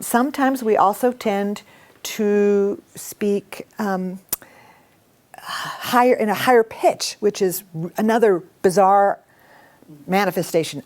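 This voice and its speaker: A middle-aged woman teaching a workshop, expressive and animated, often laughing as she talks. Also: fairly low pitch. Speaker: workshop trainer.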